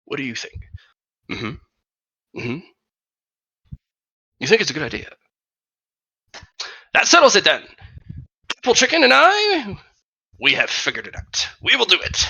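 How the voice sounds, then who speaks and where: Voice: mid-range voice, huge pitch swings, unhurried, gravelly, long pauses, pushed and bright, husky, exaggerated voice. A game master voicing a cheerful, theatrical male cider merchant obsessed with apples in a tabletop role-play. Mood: musing. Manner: theatrical, salesy, addresses customer grandly.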